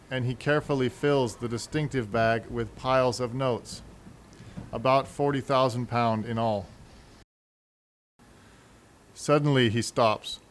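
Slow, measured male storyteller. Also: mid-range voice. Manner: measured and wry. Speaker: narrator. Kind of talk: scripted storybook narration.

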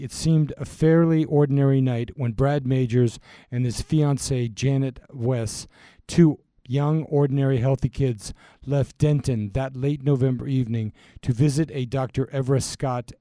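A man reading a formal male narrator who invites listeners on a strange journey, measured with small hesitations. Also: mid-range voice, warm tone, dry recording, natural voice.

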